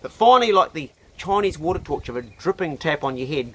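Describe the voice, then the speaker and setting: A middle-aged New Zealander with a voice on the high side talks quickly, hardly pausing, in an outdoor vlog while he works on a house truck. He tells jokes and chats casually like a folksy storyteller, slipping into put-on voices for his joke characters.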